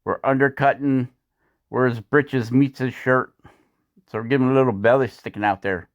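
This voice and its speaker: A man talks through his carving work in a relaxed, rambling manner and often chuckles as he goes. His voice sits at a mid pitch for a man. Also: normal speed, highs cut off. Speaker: woodcarving channel host. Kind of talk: voice-over narration of a carving video.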